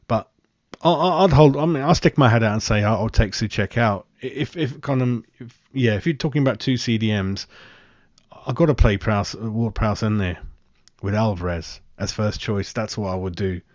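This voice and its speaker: A man hosts a live football fan stream in a chatty, rambling way, answering viewers and calling them mate between throat-clears. His voice sits a little low. The sound is dry and close, slightly muffled like lo-fi stream audio. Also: a little mellow, dry recording. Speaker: football fan channel host.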